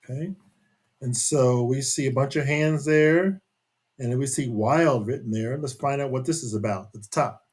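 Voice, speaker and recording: Husky-voiced man reading to kids. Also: medium pitch, normal speed, a little mellow. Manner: chatty, asks young listeners questions. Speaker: children's book reader. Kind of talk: reading a picture book aloud to children.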